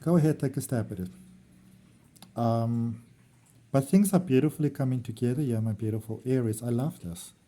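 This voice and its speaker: A warm, mellow-voiced man, reading tarot for his viewers. He talks in a chatty, wandering way, affectionate and quick to chuckle, with his pitch sitting right in the middle for a man. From South Africa. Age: early 40s. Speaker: tarot reader. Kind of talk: casual tarot reading vlog.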